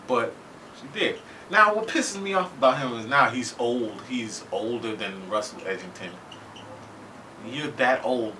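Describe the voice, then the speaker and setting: A man casually recapping a TV episode with profanity, talking loosely and keeping asking his viewers "right?". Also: fairly low pitch. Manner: animated, loose and conversational, keeps asking "right?". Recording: faint noise, distant from mic.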